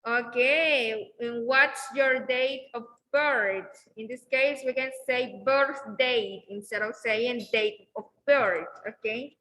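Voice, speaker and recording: A woman teaching an English class who explains slowly and keeps repeating okay and very good. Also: fairly high pitch, fairly even intonation, sharp tone, rough recording.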